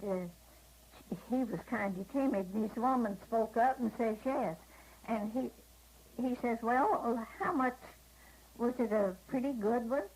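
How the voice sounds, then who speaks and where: A woman's voice: medium pitch, a little mellow, slight background noise, rough recording. An older woman telling folksy anecdotes in a drawling manner at home, laughing at her own punchlines. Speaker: storyteller. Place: living room of a home.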